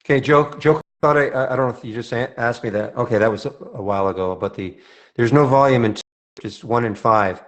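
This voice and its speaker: A man's voice: medium pitch, brisk, muffled recording. A man from Montreal moderating a live trading room, answering viewer questions in a loose conversational way with frequent restarts. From Montreal, Canada.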